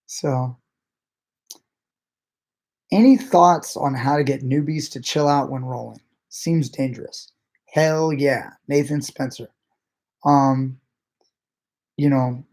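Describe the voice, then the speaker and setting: A man's voice: medium pitch, darkish tone. A man, a grappling coach, chatting casually as he answers viewer messages, blunt and swearing freely, often laughing.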